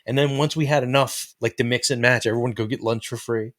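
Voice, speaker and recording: A man's voice: medium pitch, fairly even intonation, fairly bright tone. A middle-aged man co-hosting a podcast, reminiscing in casual chat and tossing in wisecracks. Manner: wisecracking, quick jokey interjections. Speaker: podcast co-host.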